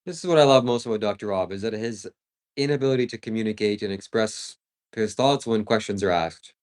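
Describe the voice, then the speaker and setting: Low-voiced sarcastic man. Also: brisk, darkish tone. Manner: sarcastic, teasing. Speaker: livestream host. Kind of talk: casual livestream chat.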